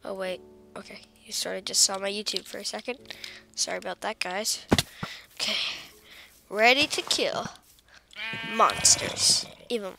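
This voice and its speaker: A woman giving casual, excitable commentary on her gameplay, full of exclamations and fillers. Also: medium pitch, measured pace, creaky, long pauses. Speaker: gameplay video creator. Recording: loud background music.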